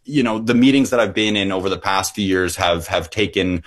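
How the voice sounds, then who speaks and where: Eager deep-voiced male doctor. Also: steady tone, a little fast, a bit bright. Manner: eager, with frequent restarts and repeated words. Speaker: emergency physician. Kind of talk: interview answers.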